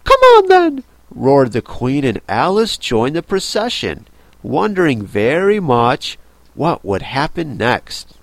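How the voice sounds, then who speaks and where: A man narrating a children's classic in an expressive, unhurried storybook reading. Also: medium pitch, dry recording. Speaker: audiobook narrator.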